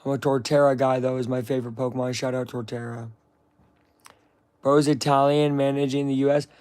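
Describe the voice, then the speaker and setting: A man's voice: medium pitch, little pitch movement, brisk, darkish tone, clear, resonant tone. Rambling jokey young man streaming. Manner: rambling, jokey, slangy, says "bro" a lot. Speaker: streamer reacting to a broadcast. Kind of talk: casual live-stream commentary.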